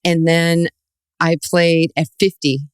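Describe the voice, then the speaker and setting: A woman in her sixties from New York, a guest telling lively stories in an interview and acting out the voices in them. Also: fairly low pitch, slow, clear, resonant tone, no room sound, studio quality. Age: 60s. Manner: animated storyteller, acts out quoted voices, laughs often. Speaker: guest, former basketball player. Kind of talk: storytelling interview.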